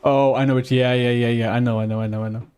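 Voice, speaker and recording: A male streamer talks through his game session in a loose, rambling way. He mutters to himself, hums under his breath and curses mildly now and then. His voice sits at an ordinary middle pitch. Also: flat delivery, fast, a little mellow, clean tone, faint music behind. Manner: rambling, mutters to himself, mild swearing and humming. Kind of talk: casual live-stream gaming commentary.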